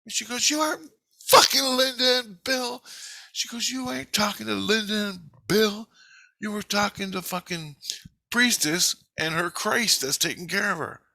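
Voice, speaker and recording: A bossy grown daughter scolds and swears in a high, sharp voice, as a man puts her on while telling his story. Her tone is tense and bright, close and dry. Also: normal speed, vocal fry, no room sound, full character voice. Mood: scolding.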